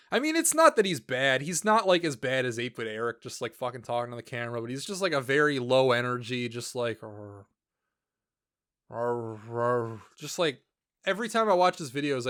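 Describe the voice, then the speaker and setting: A man's voice: mid-range voice, fairly bright tone. A man ranting casually about other creators, blunt and full of swearing, laughing as he goes. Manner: profane, blunt, laughs often. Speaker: YouTuber ranking channels. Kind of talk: casual opinionated rant.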